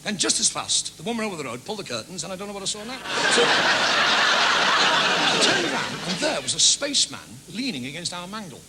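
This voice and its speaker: A man, doing a stand-up comedy routine with rapid, sing-song gag delivery. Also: high voice, very animated, very noisy. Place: TV studio stage with audience.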